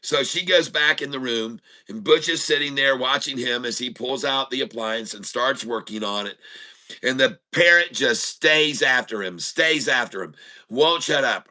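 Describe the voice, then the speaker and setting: A man's voice: mid-range voice, measured pace, sharp tone, low-quality recording. A middle-aged man hosting a casual livestream, telling jokes and chuckling at his own punchlines. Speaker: host of a trading stream.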